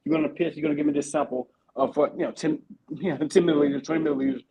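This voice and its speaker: A man hosting a casual veterans' podcast, telling army stories in a profane, animated way with lots of repeated fillers. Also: on the high side, racing, highs cut off. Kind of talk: casual chat.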